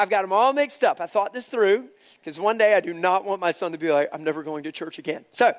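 A man in his thirties preaches a sermon to his congregation. His voice sits high, and he tells stories with animated energy, then drops to a hushed tone for serious points. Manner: animated storyteller, swings from hushed to loud. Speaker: pastor.

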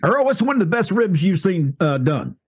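A male host with a husky, slightly high voice leads the interview. His pitch swings widely as he prompts his guest and reacts to the answers. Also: sing-song, normal speed. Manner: prompting, reacting, laughs along. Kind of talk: interview questions.

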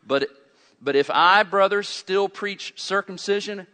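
A man preaching a fiery sermon, swinging from loud urgent peaks to quiet low asides and asking his congregation questions. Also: measured pace, clear, resonant tone. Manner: asks the congregation questions and answers them. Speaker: pastor. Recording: long hall reverb.

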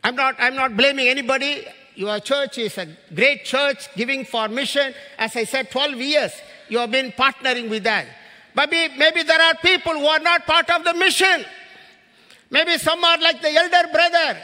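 Fiery missionary preacher, a man in his fifties from India; high, sharp voice ringing through a large hall. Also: normal speed. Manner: impassioned, rises to shouts on key phrases. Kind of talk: sermon. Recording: long hall reverb.

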